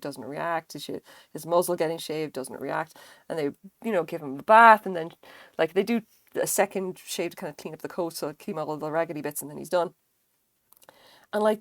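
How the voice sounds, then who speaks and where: A woman's voice: fairly low pitch, no echo. A woman streaming live, chatting casually and rambling while she crochets, with lots of fillers and casual swearing.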